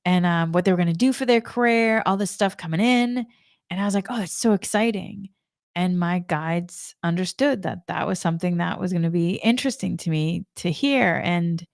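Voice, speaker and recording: A woman's voice: fairly low pitch, vocal fry, no room sound, clean studio sound. A woman giving a spiritual energy talk in a chatty way, telling a personal story and laughing often. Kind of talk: casual spoken monologue.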